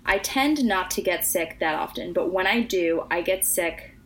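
A young woman co-hosting a casual podcast chats earnestly and at length, leaning on lots of "you know" and "like." Her voice is fairly low and expressive, at a moderate pace.

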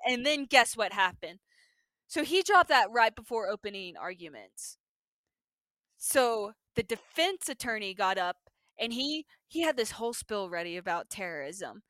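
A young adult woman hosting a podcast, recapping a TV episode in casual chat and acting out the characters with lively energy. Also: mid-range voice, dry recording. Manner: animated, acts out characters' lines in quick bursts. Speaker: podcast host.

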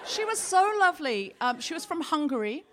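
A woman co-hosting a live comedy show, telling a wry personal anecdote in a dry, deadpan way. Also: sits high, brisk, a crowd in the background, background noise. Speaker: co-host and comedian. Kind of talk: comic anecdote on stage. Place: live comedy venue with audience.

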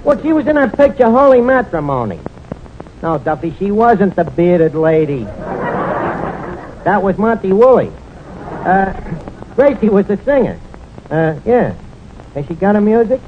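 A man's voice: high voice, big pitch swings, measured pace, pauses often. A man playing a brash, wisecracking tavern manager in a 1940s radio sitcom, rambling with fillers and mangled words. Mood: fumbling, boastful. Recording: dull noisy 1940s radio transcription.

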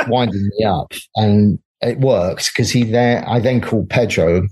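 Slightly rough, darkish, and fairly low in pitch, this man speaks at a moderate pace. He's a middle-aged graphic designer and film producer swapping anecdotes as a guest in a relaxed interview, laughing a lot and imitating the people he quotes.

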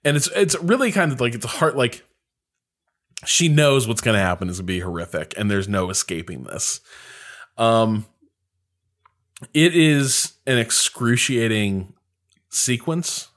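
A man's voice: mid-range voice, measured pace, long pauses, a bit bright. A man co-hosting a casual podcast, analyzing the story with enthusiasm and frequent fillers. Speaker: podcast co-host. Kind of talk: casual chat analyzing a period drama.

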